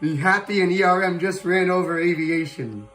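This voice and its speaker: A man hosting a livestream, giving playful live commentary on a virtual airshow, excitable and prone to whoops and chuckles. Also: high voice, normal speed, slight background noise, poor audio. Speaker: livestream host. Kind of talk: playful live commentary on a flight sim show.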